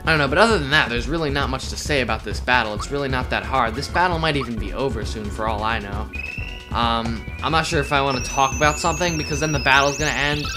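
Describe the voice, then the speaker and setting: A man's voice: mid-range voice, quick pace. A young man giving rambling, joking commentary on a video game he is playing, with lots of fillers. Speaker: let's play commentator. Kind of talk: casual gameplay commentary. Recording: game music behind.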